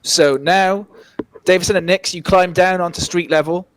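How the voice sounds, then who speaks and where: A man's voice: high-pitched, steady tone, normal speed, slight background noise. A man running a tabletop game as dungeon master, setting scenes in a chatty way and often restarting his phrases. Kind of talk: casual tabletop game narration.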